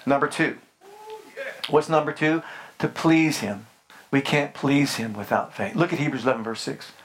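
A man's voice: mid-range voice, moderate pace. A man preaching a sermon with fervent, emphatic declarations and rhetorical questions to his congregation.

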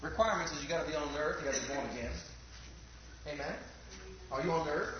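A man's voice: on the high side, quick pace, noisy background. A man preaching a fervent sermon, firing rhetorical questions at the congregation and calling for amens. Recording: echoey, dull lo-fi church recording.

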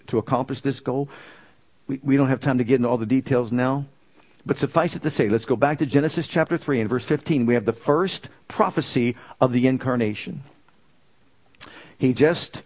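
A man preaching a sermon, reading scripture slowly and swinging between raised declarations and low, quiet asides. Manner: reads scripture with slow emphasis.

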